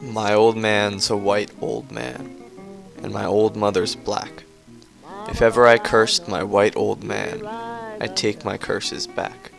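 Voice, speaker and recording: A man reading a poem aloud in a measured, flat recitation over guitar music. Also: on the low side, gravelly. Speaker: poem reader.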